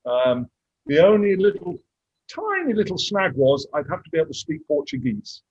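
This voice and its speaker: A man's voice: high voice, wildly swooping pitch, normal speed, creaky, a little mellow, breathy edge, no room sound, dull audio. A man in his sixties, a mission dentist, telling his story candidly and reflectively, sometimes moved. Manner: candid, reflective, getting emotional at times. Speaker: guest speaker, mission dentist. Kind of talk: casual storytelling on a video call.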